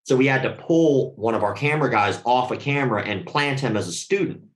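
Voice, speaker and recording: A man's voice: mid-range voice, a little fast, roomy sound. A man telling a story casually and with lots of swearing, acting out the voices of the people he quotes. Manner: animated, profane, acts out quoted voices.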